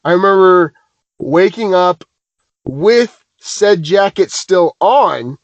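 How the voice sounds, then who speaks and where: A man's voice: high voice, takes it slowly, no echo. A man co-hosting a podcast, telling rambling, self-deprecating stories in casual chat. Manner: animated, self-deprecating, many restarts. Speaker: podcast co-host.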